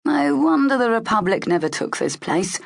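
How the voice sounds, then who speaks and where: A woman's voice: on the high side, very animated, moderate pace, creaky, voice pushed up, exaggerated voice. A woman doing Cale, a wry cocky rogue. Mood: musing. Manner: sly, teasing, half-whispered asides. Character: wry male rogue bodyguard, cocky joker.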